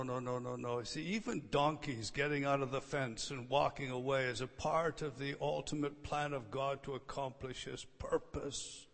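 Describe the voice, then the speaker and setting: A man preaching an expository sermon, repeating key phrases with emphasis and swinging between loud declarations and hushed, quiet lines. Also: mid-range voice, in a large hall. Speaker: pastor.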